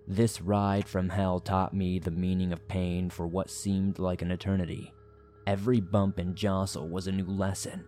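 A man's voice: low voice, level tone, moderate pace, mellow, soft background music. A man narrating a first-person horror story in a dramatic, suspenseful way.

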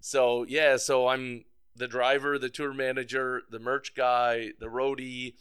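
A man's voice: medium pitch, level tone, a little slow, fairly bright tone, smooth. A man as an interview guest, telling a casual, rambling story with lots of fillers and frequent laughs. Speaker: guest, band's tour manager.

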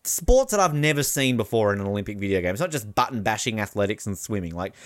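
A man hosts a podcast, chatting casually in a joking, rambling style full of fillers. His voice is fairly low in pitch and sing-song, and he talks fast.

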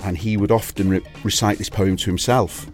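Low-voiced Welshman telling a rambling story. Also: fairly even intonation, fairly quick, faint music behind. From Wales. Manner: rambling anecdotal storytelling, frequent restarts. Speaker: DJ and record label owner, interview guest. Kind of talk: casual interview chat.

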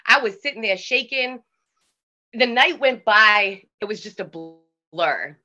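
A woman with a Boston accent, a DJ telling stories in a casual interview, animated and swearing freely. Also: mid-range voice, normal speed, lo-fi sound. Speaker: DJ guest.

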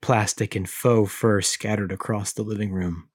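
A man's voice: on the low side, fairly even intonation, normal speed, no room sound, clean studio sound. A man co-hosting a podcast, reading a spooky story aloud and then chatting casually. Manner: dramatic storytelling, drops to a whisper for spooky bits. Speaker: podcast co-host.

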